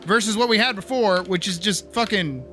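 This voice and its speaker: A man streaming live, talking casually and getting wildly animated, swearing freely as he demonstrates his art. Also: sits high, moderate pace, soft background music. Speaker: streamer and artist.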